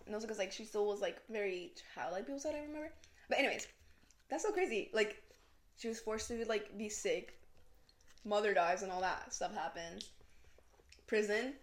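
A woman's voice: medium pitch, normal speed, long pauses. A young woman co-hosting a podcast in casual chat, giggly and full of "like" and "you know.". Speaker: podcast co-host. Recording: roomy echo.

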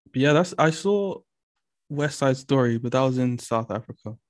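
A woman's voice: very deep voice, animated, moderate pace, darkish tone. A woman from London with a London accent, a guest chatting casually and teasing with dry humor. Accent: London English. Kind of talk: casual chat.

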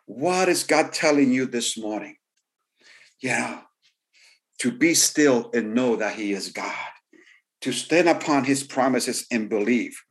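A man's voice: medium pitch, a little slow. A man preaches a sermon in an ordinary mid-range voice. He leans on "you know" and says his key lines twice over for emphasis. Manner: repeats phrases for emphasis, rising excitement on key points; frequent "you know" fillers. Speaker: pastor.

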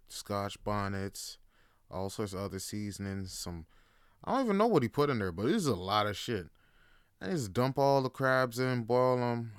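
A man hosting a show, telling stories in a relaxed, profane way with lots of fillers. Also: on the low side, clear, resonant tone, dry recording, studio quality. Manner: laid-back, profane, full of fillers like "like". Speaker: podcast host. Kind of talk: casual storytelling monologue.

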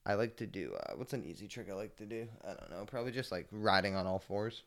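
A man hosting his own podcast in casual solo chat, rambling and profane as he tells stories, laid-back, with mumbled asides and sudden loud bursts. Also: lowish voice, lively intonation, fast talker, gravelly. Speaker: podcast host.

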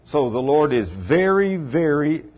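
A man preaches a casual sermon, rambling and folksy as he talks straight to his listeners. His voice sits a little high and sounds husky. The recording is dull and lo-fi. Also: sing-song, measured pace. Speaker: pastor. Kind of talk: informal sermon.

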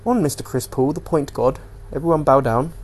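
A man's voice: on the high side, brisk, slightly rough. A young man hosting a casual solo podcast, rambling loosely between topics and swearing freely. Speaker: podcast host.

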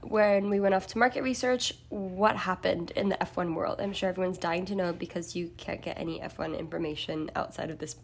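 A woman's voice: fairly low pitch, fairly even intonation, a little fast, few pauses, a little hiss or hum. A young woman co-hosting a casual podcast, upbeat and giggly as she runs through lists and recaps. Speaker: podcast co-host.

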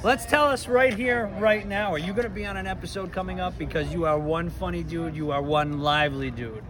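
A man interviewing a performer outdoors after a show, in a loud hype-man patter. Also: sits high, fairly quick, over music. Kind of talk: hyped mock-announcer interview.

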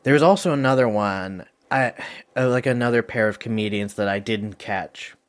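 A man hosting a movie review game, talking casually and rambling with many fillers. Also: fairly low pitch. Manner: rambling, lots of fillers and quick asides. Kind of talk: casual chat.

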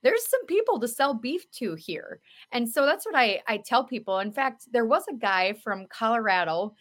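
Earnest, animated woman podcast host. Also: on the high side, normal speed. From South Dakota. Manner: earnest, animated storyteller with lots of fillers. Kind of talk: casual conversational talk.

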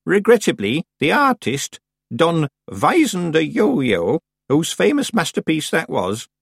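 A man voicing an ancient, stern old woman witch in an audiobook, speaking slowly, precisely and formally. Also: a little high, huge pitch swings, vocal fry, slightly rough, dry recording, studio quality, pitched above the performer's own voice, exaggerated voice.

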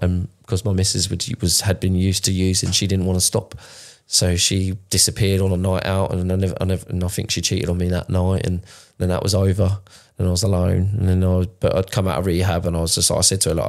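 Gravelly deep-voiced man, raw. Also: level tone, quick pace, hardly any pauses. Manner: raw, emotional, swears often, restarts sentences. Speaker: podcast co-host. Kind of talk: candid conversational storytelling.

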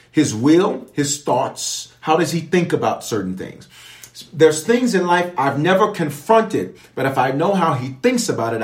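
A man preaching to an online audience, repeating key phrases and calling on viewers to respond. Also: a little high. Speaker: pastor leading online prayer. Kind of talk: livestream sermon and prayer teaching. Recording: echoey room.

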